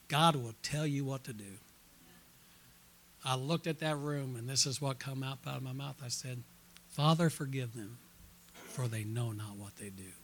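Bright-voiced preacher swinging loud to hushed. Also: male voice. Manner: storytelling, calls out to the congregation; swings from loud excited peaks to quiet low asides. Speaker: pastor. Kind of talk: sermon. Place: church at a conference night.

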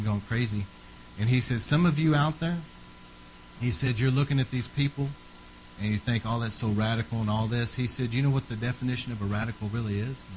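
A man preaching a fervent sermon, rising to loud, emphatic peaks and then dropping low and quiet. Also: a little hiss or hum, poor audio.

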